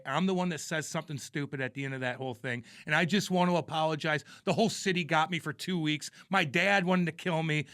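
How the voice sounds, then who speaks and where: A man in his thirties co-hosting a podcast, talking bluntly and joking around with loose swearing. His voice sits somewhat high. The recording is dry and close to the mic. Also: sharp tone, no room sound. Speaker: podcast co-host, former hockey player. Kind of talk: casual chat.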